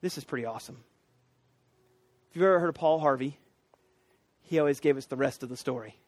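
A man's voice: medium pitch, a little fast, no echo. A man preaching a sermon, retelling a story and rising into emphatic, repeated cries.

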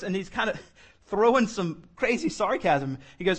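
High-voiced male preacher. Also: expressive, normal speed, fairly bright tone. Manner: conversational, joking asides. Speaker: pastor. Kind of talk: sermon, verse-by-verse Bible teaching. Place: church room.

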